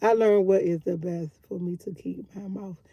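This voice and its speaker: A woman's voice: medium pitch, fairly even intonation, moderate pace, breathy edge, muffled recording. A woman, live-streaming outdoors on her phone and chatting candidly with viewers, talking freely and repeating herself. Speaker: vlogger live-streaming to chat. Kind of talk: casual live-stream chat.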